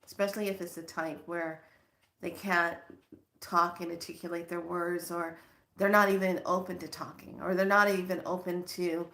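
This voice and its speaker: A woman's voice: lowish voice, little pitch movement, normal speed, pushed and bright. Woman healer telling stories, lots of repeats, roomy echo. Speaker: spiritual healer. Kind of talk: spiritual monologue with anecdotes.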